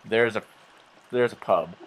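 A man's voice: lowish voice, a little slow, low-quality recording. A man hosting a game let's play, talking casually with rambling, jokey, self-mocking asides. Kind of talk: casual gameplay commentary.

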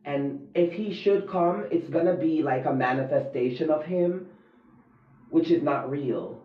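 A man's voice: a little high, a little slow. A man hosting a casual live stream from a dim room at home at night, talking dramatically and nervously and gushing at his viewers through a phone propped against a mirror. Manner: dramatic, jittery, gushes at viewers. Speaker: livestream host. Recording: echoey, dull lo-fi phone audio.

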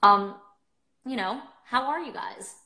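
Young woman, phone livestream host, chatty and bubbly, slightly high and bright, in a roomy echo. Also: slow pace. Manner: bubbly, chatty, lots of filler words. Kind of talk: casual chat.

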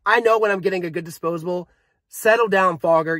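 A young man talks straight to his viewers in an excited vape review full of jokes. His voice sits high and sounds bright and forceful. The sound is dry and close, with no room echo. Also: fairly quick. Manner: hyped, joking, talks to the viewers. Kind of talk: casual product review vlog.

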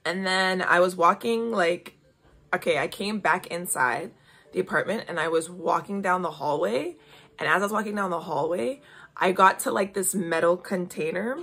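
A woman's voice: on the low side, normal speed, gravelly, bright, forceful tone, husky. A young woman hosting a casual spiritual chat, talking emphatically and coaxing her listeners, often checking in with "okay?". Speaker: podcast host giving intuitive readings.

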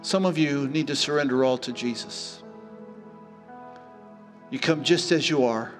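A man's voice: fairly high pitch, measured pace. Middle-aged guy pastor giving a sermon, acts out the story voices, echoey church. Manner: animated storytelling, acting out voices. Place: church hall. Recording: church hall reverb with faint music.

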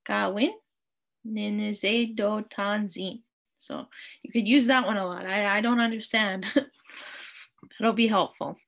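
Slow, patient woman teaching a language. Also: mid-range voice, fairly even intonation, vocal fry, fairly bright tone. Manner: slow, patient, repeats each phrase. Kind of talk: online language lesson.

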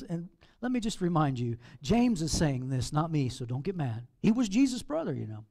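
A man, a pastor, preaching a sermon in an animated, playful way with acted asides. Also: fairly high pitch, normal speed. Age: over 40.

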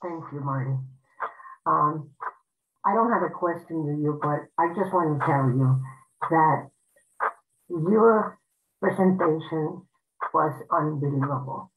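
A woman's voice: low voice, slow pace, pauses often, echoey room. A woman commissioner with a Puerto Rican accent, emotional and heartfelt as she thanks the speaker over a video call. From Puerto Rico. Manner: heartfelt, grateful. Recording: tinny phone-like call audio.

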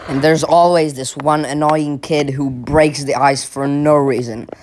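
A man's voice: on the high side, steady tone, unhurried, darkish tone, slight background noise. A young man from Finland giving mocking, exasperated comic commentary over a video. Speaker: comedy video creator.

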